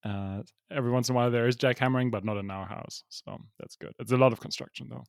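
A man's voice: medium pitch, fairly even intonation, fast talker, gravelly, no echo. Man, podcast co-host at home, self-deprecating and easygoing, dry close mic. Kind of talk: casual chat. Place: alone in his apartment.

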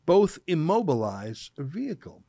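A man hosts an opinion show, his fairly high voice swooping up and down as he mocks and scoffs. The sound is close and dry, with no room around it. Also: sing-song, moderate pace, warm tone, no echo. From Canada. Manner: sarcastic, mocking, emphatic. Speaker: show host. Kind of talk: opinion commentary monologue.

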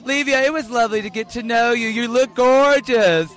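High, bright campy male interviewer. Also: moderate pace. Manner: flamboyant, teasing, showers people with endearments. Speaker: festival interviewer.

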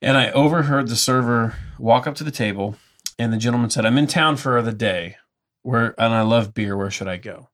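An energetic man talks in a relaxed, conversational way. He tells stories with gusto and slips into the voices of the people he met. His voice sits in an ordinary middle range. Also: medium pitch, brisk. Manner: enthusiastic storyteller, acts out dialogue. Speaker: brewery tour business owner. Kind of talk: casual podcast conversation.

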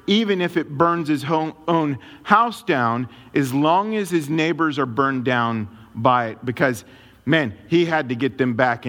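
A man preaching a sermon to a congregation in a church, emphatic, with dramatic swings of pitch and pace. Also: a bit bright. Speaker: pastor. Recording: long reverb of a large hall.

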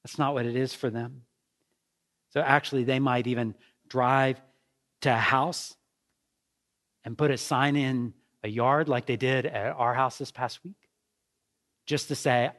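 A man's voice: medium pitch, fairly even intonation, measured pace, pauses often, a bit bright. A middle-aged man, a pastor, preaching an earnest, conversational sermon full of rhetorical questions.

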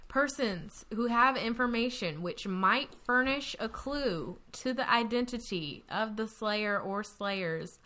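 A woman reading in a slow Texan drawl. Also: medium pitch, bright, forceful tone. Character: folksy Texan woman reading a 1940s newspaper notice.

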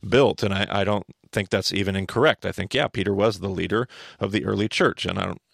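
A man hosting a podcast, teaching scripture in a casual, animated back-and-forth with his co-host. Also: lowish voice, fairly quick, vocal fry, no room sound, studio quality. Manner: animated, thinks aloud, asks his co-host questions.

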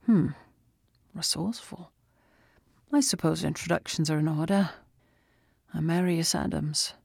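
A woman reading an audiobook, voicing a suave, mocking male cult leader who drops into hushed whispers. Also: sits low, a little slow, creaky, husky, dry recording, clean studio sound, full character voice. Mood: amused.

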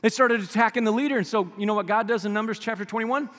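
A male pastor with a notably high voice preaches in a relaxed, conversational way, now and then sinking into a hushed near-whisper to drive a point home. His voice rings through a large church hall with a long, trailing reverb. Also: fast talker. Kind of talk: sermon. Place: church sanctuary.

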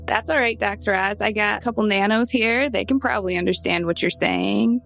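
A woman's voice: medium pitch, brisk, gravelly, fairly bright tone, faint music behind. A woman playing a tabletop game, speaking casually and sounding tough when in character. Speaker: player.

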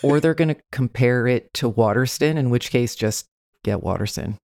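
A man's voice: medium pitch, moderate pace, gravelly, a little mellow, no echo, clean studio sound. A man co-hosting a podcast in casual chat, musing and understated. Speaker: podcast co-host.

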